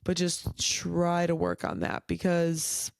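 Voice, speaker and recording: Blunt, low-voiced woman ranting casually. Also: very animated, takes it slowly, gravelly, no room sound, clean studio sound. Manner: blunt, swears freely, many filler likes. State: tired, yawning late at night. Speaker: podcast host. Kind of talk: casual solo rant. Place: her home at night.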